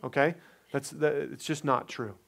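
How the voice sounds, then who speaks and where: A man pastor preaching a sermon, moving between loud emphatic preaching and quiet, conversational storytelling. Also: mid-range voice, steady tone, measured pace, vocal fry.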